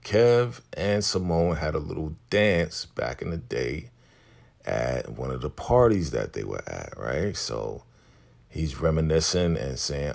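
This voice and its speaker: A man's voice: a bass voice, animated, a little slow, vocal fry. A man casually recapping a TV episode, retelling scenes in a loose, conversational way and paraphrasing what the characters say. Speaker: TV recap vlogger.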